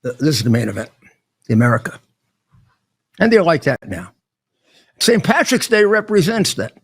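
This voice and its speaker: An older man speaking in a casual monologue. He talks haltingly, with many restarts and stammered words. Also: on the high side, very animated, creaky, breathy edge.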